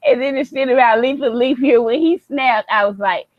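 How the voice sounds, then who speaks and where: A young woman co-hosting a casual podcast chat, animated, laughing often and swearing freely. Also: high-pitched, moderate pace, no echo, narrow, tinny audio. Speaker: podcast co-host.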